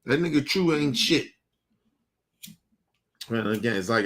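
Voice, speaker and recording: A man's voice: medium pitch, animated, measured pace, fairly bright tone. A man delivering an angry, profane monologue to his audience, repeating himself and challenging his target directly. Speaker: show host.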